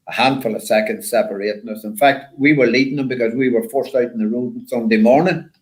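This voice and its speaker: An older man, a former rally driver, telling stories in a rambling, animated way with lots of repeated words. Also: mid-range voice, low-quality recording. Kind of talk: casual storytelling chat.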